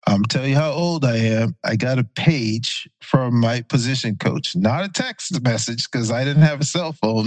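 A former pro football player in his forties, appearing as a podcast guest, casually tells a story in a mid-range voice with no echo. His retelling is relaxed and anecdotal, full of fillers and self-corrections.

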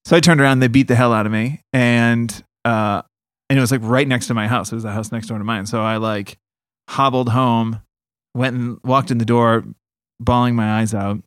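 A man's voice: medium pitch, steady tone, normal speed, smooth, dry recording, studio quality. A man telling childhood stories in casual chat, often laughing as he talks. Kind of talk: casual storytelling.

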